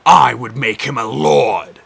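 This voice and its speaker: A man voicing the sneering ghost of an ancient king, speaking slowly in a low, mocking, menacing tone. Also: vocal fry, fairly bright tone, slightly rough, full character voice. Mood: sneering menace.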